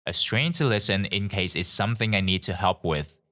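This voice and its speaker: A man reading forum stories aloud in a plain, expressive way. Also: lowish voice, brisk. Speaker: narrator of online stories.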